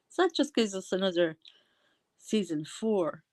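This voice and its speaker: A woman's voice: mid-range voice, animated, a little slow, darkish tone. A woman with an Irish accent giving casual, rambling commentary and often losing her train of thought. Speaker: commentary vlogger.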